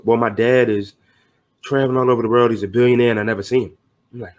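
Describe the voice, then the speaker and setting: A man's voice: medium pitch, fairly even intonation, fast talker. A middle-aged man talking earnestly as a podcast guest, motivational and loose with slang. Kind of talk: casual podcast conversation.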